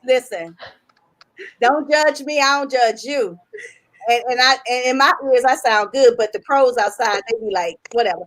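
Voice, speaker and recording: A woman's voice: on the high side, normal speed, fairly bright tone, no room sound, rough recording. A woman hosting a casual livestream over a video call, chatty and joking, laughing often as she explains a game and its prizes. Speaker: host and publisher.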